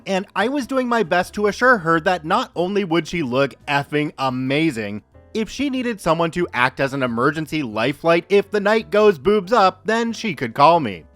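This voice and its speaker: A man hosting a story podcast, reading listener posts aloud in a lively, expressive way. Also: fairly high pitch, no room sound. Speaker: podcast host reading stories. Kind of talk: narrating Reddit stories.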